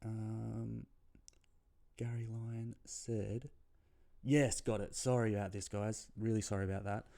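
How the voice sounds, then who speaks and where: A young adult man with an Australian accent talks footy in a loose solo vlog. His voice sits a little low. He rambles, swears a lot and trails off when he loses his thread. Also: little pitch movement, measured pace, creaky, warm tone. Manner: rambling and heavily profane, loses his train of thought. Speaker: footy tipping vlogger. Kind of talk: casual solo commentary.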